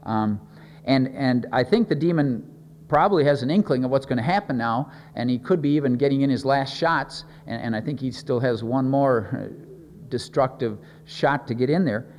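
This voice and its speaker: A man's voice: medium pitch, moderate pace, darkish tone, big-room sound, slight background noise. A man preaching a sermon in an earnest way, often repeating words as he thinks and leaning on key words.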